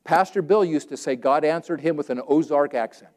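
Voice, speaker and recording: A man from Southern California preaching a sermon in plain, everyday words. He is animated and conversational, and acts out scripture verses as he quotes them. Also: a little high, brisk. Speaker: pastor.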